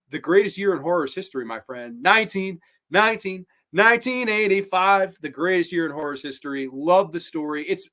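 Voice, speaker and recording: A man hosting a horror review show, chatting casually on a livestream and answering viewer comments in an excitable, profane, rambling way. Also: a little high.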